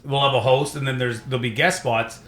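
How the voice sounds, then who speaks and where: A man's voice: mid-range voice, fairly even intonation, fairly bright tone, echoey room. A young adult man from Saskatchewan, Canada, a stand-up comedian telling rambling stories in casual podcast chat. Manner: rambling storytelling, does quick voices.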